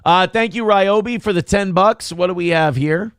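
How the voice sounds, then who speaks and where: A man's voice: high-pitched, moderate pace, smooth, no echo, studio quality. A man hosting a casual livestream show, telling a story with a lot of swearing and acting out the other people in it. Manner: animated storytelling, swears, acts out voices. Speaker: show host.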